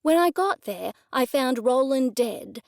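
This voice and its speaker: A woman's voice: high-pitched, lively intonation, unhurried, creaky, no echo, studio quality, heavily acted. A woman narrator voicing an indignant middle-aged woman amateur sleuth who answers in a defensive, snappish way.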